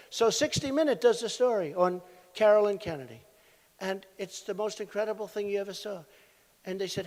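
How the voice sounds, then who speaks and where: A man in his sixties giving a campaign rally speech, rambling through repetitive stories with asides to the crowd, at a podium microphone. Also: sits high. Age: 60s. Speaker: presidential candidate at a campaign rally. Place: large rally venue. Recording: echoey hall sound from a rally venue.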